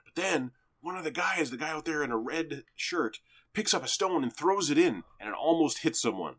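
A man in a casual chat, excitedly and profanely retelling the opening of a film. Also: mid-range voice, normal speed. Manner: animated, excitable, profane storytelling.

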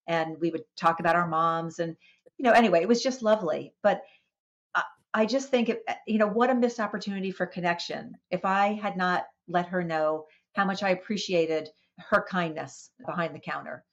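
A woman guest on a podcast, recounting her story with an expressive, lively delivery and frequent small restarts. Her voice sits low for a woman. The recording is dull and lo-fi. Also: moderate pace. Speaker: wellness coach and author, interview guest.

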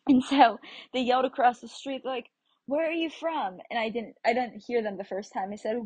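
A woman's voice: fairly high pitch, fairly even intonation, brisk, darkish tone, husky, low-quality recording. A young American woman from the United States chatting casually about her travels, rambling with fillers and restarts. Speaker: travel vlogger.

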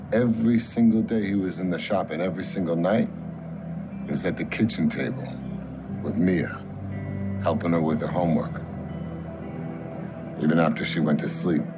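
An actor playing a gruff, devoted street racer, talking slowly and heavily. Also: male voice, extremely low pitch, noisy background. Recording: film clip with loud score.

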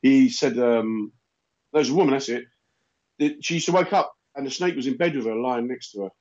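A man chatting casually, riffing on absurd comic rants with a deadpan delivery. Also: mid-range voice, fairly quick. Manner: deadpan rambling jokes, repeats lines. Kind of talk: casual comedic chat. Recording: dull lo-fi sound.

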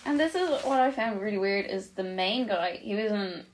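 A woman's voice: mid-range voice, lively intonation, normal speed, a little hiss or hum. A young woman, co-hosting a casual chat and telling a story with loose swearing. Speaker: podcast co-host.

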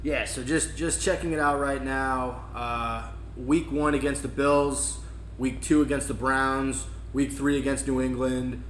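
A man's voice: medium pitch, steady tone, a little slow, fairly bright tone. A young man co-hosting a casual sports podcast, talking bluntly and ranting with swearing. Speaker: podcast co-host. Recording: echoey room with faint background noise.

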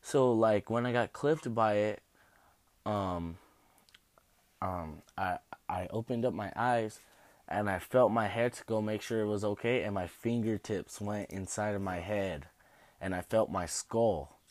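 A man's voice: lowish voice, unhurried, darkish tone, dry recording. A young man telling stories about his injuries in a rambling, casual way, with laughs and casual swearing. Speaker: host. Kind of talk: casual storytelling.

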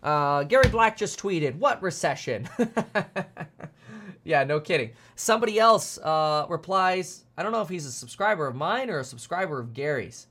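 Animated man riffing on markets live. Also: fairly high pitch, unhurried. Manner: animated, jumping between asides and self-deprecating jokes; frequent fillers and restarts, chuckling. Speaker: finance livestream host. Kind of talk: casual market commentary to a live chat.

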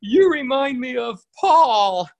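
A giggly old cartoon witch cackles in a shrill, high voice, as a man puts her on while retelling a story. The voice jumps well above his own, with an exaggerated cartoon cackle. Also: sing-song, normal speed, creaky, fairly bright tone, heavily acted. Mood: weepy.

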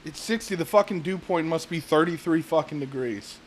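A man vents on a casual podcast, swearing through nearly every sentence. His voice sits a little high for a man. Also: brisk, a little hiss or hum. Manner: profane ranting, frequent swearing. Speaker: podcast co-host.

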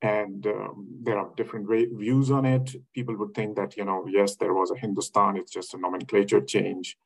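A man's voice: fairly low pitch, little pitch movement, normal speed, vocal fry, breathy edge, low-quality recording. A man speaking as an academic in a reflective lecture style, hesitant, with many fillers and restarts.

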